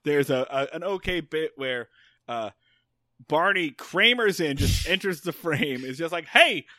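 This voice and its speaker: A man's voice: fairly high pitch, animated, a little slow, sharp tone, no echo, clean studio sound. A man co-hosting a casual podcast, recapping a TV episode in a jokey way and quoting the characters in voices. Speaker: podcast co-host.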